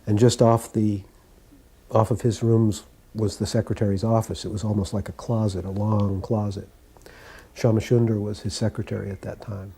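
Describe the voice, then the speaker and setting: A man calmly telling stories from his years as a devotee, recounting memories in an unhurried way. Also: fairly low pitch, breathy edge. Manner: calm, unhurried anecdote telling. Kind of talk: reminiscing storytelling.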